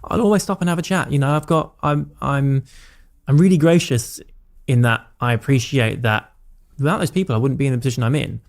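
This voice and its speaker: A man, a podcast guest talking candidly and reflectively, with many fillers and quick asides. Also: mid-range voice, vocal fry. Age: 30s. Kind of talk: casual conversational interview.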